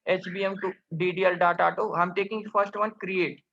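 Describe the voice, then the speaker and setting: A man's voice: high voice, level tone, brisk, vocal fry, fairly bright tone. A man teaching a coding lesson over his screen, who keeps asking rhetorical questions and calls his viewers "guys". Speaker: programming instructor. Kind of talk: screen-recorded coding tutorial. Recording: dull lo-fi sound.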